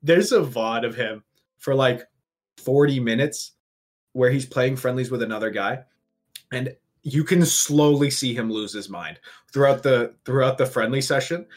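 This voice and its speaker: A man's voice: mid-range voice, unhurried, faint music behind. A young man in casual conversation, telling gaming stories with many "like" fillers and swearing. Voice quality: heavy use of "like" fillers, profane. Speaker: competitive gamer. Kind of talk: casual chat.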